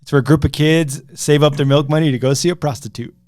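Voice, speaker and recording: A man's voice: on the high side, steady tone, fast, a little mellow, dry recording. Young man laughing through a movie plot. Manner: recounts plots, laughs a lot. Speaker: podcast co-host. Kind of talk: casual banter among friends.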